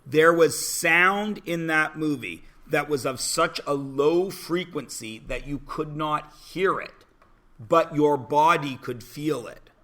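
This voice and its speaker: A man's voice: on the high side, slow, a bit bright. A man in his forties teaching a math class in a classroom, chatty and joking with his students. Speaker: high school math teacher. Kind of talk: classroom lecture.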